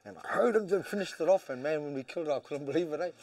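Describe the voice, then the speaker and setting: A man, a boxing trainer and hunter, telling animated hunting stories in casual chat. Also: on the high side, racing, dry recording, recorded from a distance. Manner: animated, tells stories, swears. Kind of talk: casual storytelling.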